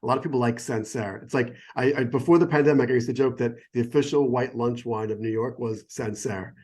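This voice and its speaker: A middle-aged American man works as a sommelier and talks in a relaxed, enthusiastic way. He rambles and keeps breaking off his own sentences. His voice sits in an ordinary middle pitch. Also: a little fast. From United States. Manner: enthusiastic, digressive, self-interrupting. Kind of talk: casual explanatory chat. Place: phone or remote call.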